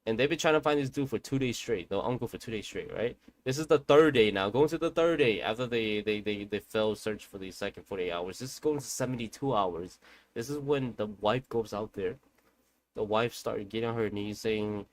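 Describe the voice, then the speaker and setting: Man, young adult, low voice, casual ghost story, rambling, self-correcting. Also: brisk, slight background noise, poor audio.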